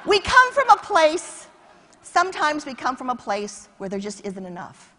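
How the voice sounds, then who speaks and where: A middle-aged woman giving a lively storytelling keynote on a conference stage, acting out phone calls and shouting her punchlines. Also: high voice, normal speed, background noise. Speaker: keynote speaker.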